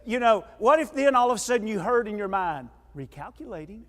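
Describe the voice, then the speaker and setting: Male preacher, high voice, animated storyteller, echoey church hall. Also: fast talker. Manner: animated storyteller, acts out quoted voices, drops quiet and earnest later. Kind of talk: sermon with personal stories. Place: church auditorium.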